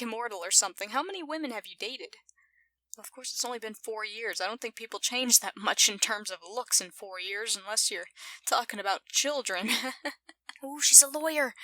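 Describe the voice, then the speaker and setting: Giggly woman reacting slowly and brightly. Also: on the high side, no echo. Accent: non-standard English accent. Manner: giggly, playful, talking back to the screen. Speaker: video reactor. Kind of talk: casual reaction commentary.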